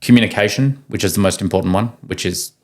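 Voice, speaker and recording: Talking at a quick pace in a lowish voice, a man appears as a guest in a podcast studio room. He tells stories casually and conversationally, animated and energetically acting out the voices he quotes.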